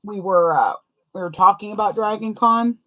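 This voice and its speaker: A woman's voice: mid-range voice, moderate pace, fairly bright tone, lo-fi sound. A young adult woman chatting casually while sewing, rambling and self-deprecating, laughing often and wincing from a sore foot. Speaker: sewing vlogger.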